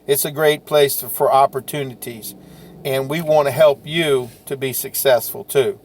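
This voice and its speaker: A man's voice: medium pitch, fairly even intonation, moderate pace, a little hiss or hum. A salesman giving a folksy, repetitive, encouraging motivational talk to camera.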